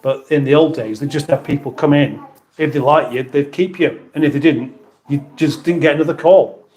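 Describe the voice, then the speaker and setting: Mellow rambling British man on a livestream. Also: fairly high pitch, normal speed. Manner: rambling, chatty, self-mocking. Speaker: livestream host. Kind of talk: casual livestream chat, reading viewer comments aloud.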